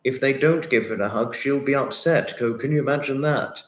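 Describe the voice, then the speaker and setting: A man hosting a livestream, chatting warmly with viewers and reading their comments, effusive and sympathetic, often repeating himself. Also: medium pitch, moderate pace. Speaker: livestream host. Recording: roomy echo.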